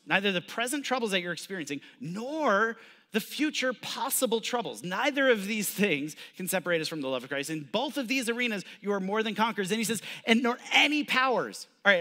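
Bright-voiced male pastor preaching in a hall. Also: high-pitched. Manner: conversational preaching, builds up with emphatic repetition. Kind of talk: sermon. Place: church sanctuary.

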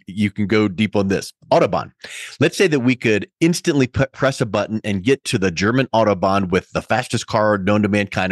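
A man's voice: fairly low pitch, no echo, clean studio sound. A middle-aged man hosting a podcast interview, talking in a folksy way with everyday analogies. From Colorado. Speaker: podcast host. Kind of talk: conversational interview.

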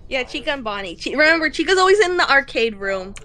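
A woman's voice: sits high, big pitch swings, quick pace, crowd noise. A woman in a gaming voice chat, teasing her friends with dry remarks.

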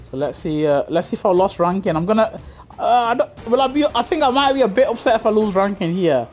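A young British man chatting excitably to his live chat while playing a racing game on a headset mic. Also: sits high, brisk, soft background music. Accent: British English. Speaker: gaming livestreamer. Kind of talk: casual live gameplay commentary. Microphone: gaming headset.

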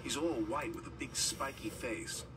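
A man's voice: medium pitch, measured pace, far from the mic, music in the background, natural voice. A man voicing a cheeky young male tank engine in a storybook, teasing playfully.

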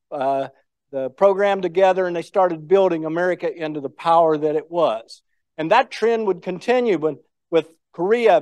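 A man's voice: high voice, darkish tone, clear, resonant tone, no room sound. An older man giving a speech, telling war stories in a folksy, anecdotal way. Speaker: guest speaker. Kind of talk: storytelling speech.

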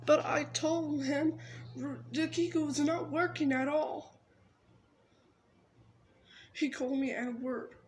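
A female vlogger talking in a rambling, halting way, pleading and upset, often restarting her words. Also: sits high, fairly even intonation, darkish tone, a little hiss or hum. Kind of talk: rambling emotional vlog talk.

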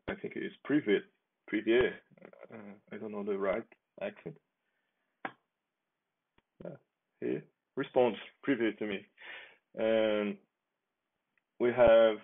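Slow gravelly man on lo-fi audio. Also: lowish voice. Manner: unhurried, halting, chuckles while he talks. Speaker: software developer presenting his project. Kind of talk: casual screen-share demo. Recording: tinny phone-like lo-fi audio.

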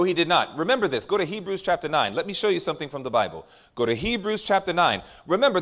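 A man preaching with a high, lively voice that swoops up and down. He stretches out key phrases for emphasis and calls out to his congregation for responses. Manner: drawn-out stressed phrases for emphasis. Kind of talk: sermon.

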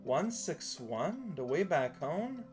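A man's voice: fairly high pitch, sing-song, slow, a little mellow, soft background music. A man casually commentating on a video game as he plays, rambling and giggling through jokey asides. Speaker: let's play commentator.

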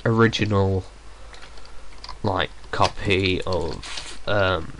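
A man's voice: low-pitched, drawn-out words, fairly bright tone, a little hiss or hum. A young man giving casual, rambling gameplay commentary at home, hesitating often with fillers. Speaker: let's play gamer. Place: room at home.

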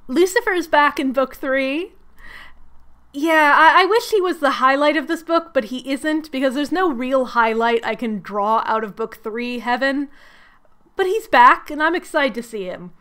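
A young woman recapping a book with comedy, sarcastic, animated and self-mocking. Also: high voice, moderate pace. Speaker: book reviewer.

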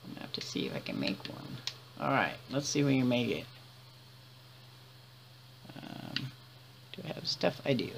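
Gravelly woman chatting through a game. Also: extremely low pitch, big pitch swings, normal speed, pauses often, noisy background. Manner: chatty, laughs often, mutters to herself while playing. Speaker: gamer. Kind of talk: let's-play commentary.

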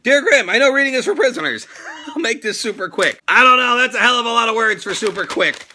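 A middle-aged man hosts an energetic toy unboxing, loud and excitable, with crude jokes and sudden squeals. His voice sits high for a man and swings up and down a lot. The tone is bright and sharp. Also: fast, a little hiss or hum. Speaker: toy channel host. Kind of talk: energetic fan mail unboxing.

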